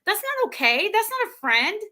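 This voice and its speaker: A woman's voice: extremely high pitch, big pitch swings, normal speed, sharp tone, low-quality recording. A woman with a cold hosting a casual livestream chat, rambling and exasperated, full of fillers and restarts. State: has a cold. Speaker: livestream host.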